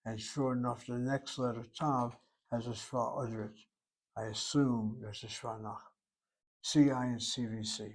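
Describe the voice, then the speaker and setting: A man's voice: mid-range voice, fairly even intonation, unhurried. A man teaching a recorded language lesson, working through each word aloud, step by step and methodically. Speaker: Hebrew teacher.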